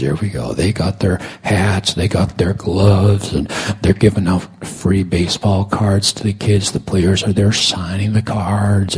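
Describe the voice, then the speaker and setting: A middle-aged preacher with a deep, gravelly voice and a raspy edge. He tells his sermon story slowly, dropping into hushed whispers and then building back up to loud, dramatic lines.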